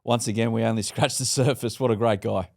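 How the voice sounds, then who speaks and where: A man hosting a podcast, asking questions in a brisk, chatty way. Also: on the low side, steady tone, gravelly, a little mellow, dry recording, studio quality. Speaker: podcast host. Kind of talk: casual interview chat.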